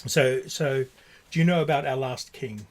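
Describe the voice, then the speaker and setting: A man in his forties from Australia with a light, posh Australian accent, chatting casually over drinks as host, halting with many restarts. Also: medium pitch. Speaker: vlog host.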